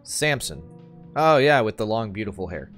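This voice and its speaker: A relaxed man casually commenting on a game, thinking aloud in a low voice with wide swings in pitch. His asides are wry and unhurried. Game music plays faintly behind him. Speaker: gamer, channel host.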